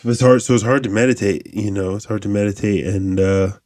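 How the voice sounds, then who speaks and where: Podcast host in his 30s, low-pitched man, loose profane monologue, dry booth sound. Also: moderate pace, no room sound. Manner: profane, rambling, animated asides. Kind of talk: casual monologue.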